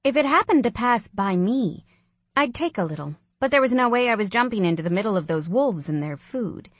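A woman narrating a first-person audiobook in a soft, reflective way. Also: a little high, lively intonation, a little fast, no room sound.

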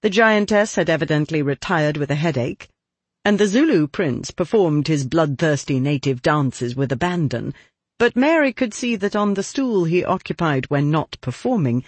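Lively, husky male storyteller. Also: fairly high pitch, dry recording. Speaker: audiobook narrator. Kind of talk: scripted narration.

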